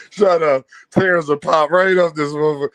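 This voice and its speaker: A man hosting a casual livestream, reading out donations and talking straight to his chat, animated and laughing often. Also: a little high, no room sound. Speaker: livestream host.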